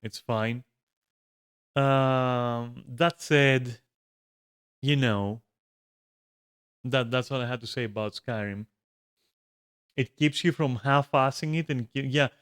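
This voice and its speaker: Man, streamer, rambling casual rant, heavy swearing, repeated restarts, home room, average pitch. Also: slow, long pauses, a bit bright, smooth. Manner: swears a lot, frequent restarts and filler likes.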